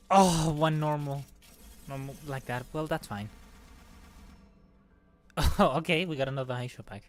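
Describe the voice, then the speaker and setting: A woman streaming a game, chatting excitedly while pulling for rewards, squealing and laughing at good results and muttering when they are bad. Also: low-pitched, measured pace, pauses often, soft background music. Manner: squealing bursts of excitement, then deflated mumbling. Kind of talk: excited gacha-pull stream chat.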